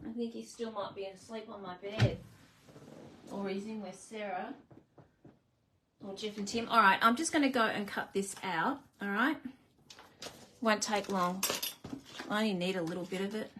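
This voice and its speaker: A woman hosts a live card-making stream, talking easily with her audience and laughing at her own expense while crafting. Her medium-pitched voice keeps a steady tone at a normal speed, broken by long pauses, with background noise throughout.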